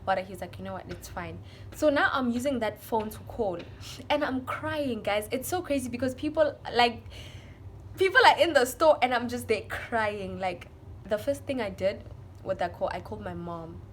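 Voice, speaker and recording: A young woman from South Africa, speaking in a South African accent, tells her viewers a story in an animated, emotional way. Her voice sits fairly high. A faint hiss of noise lies under the recording. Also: normal speed. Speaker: vlogger. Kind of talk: storytime vlog.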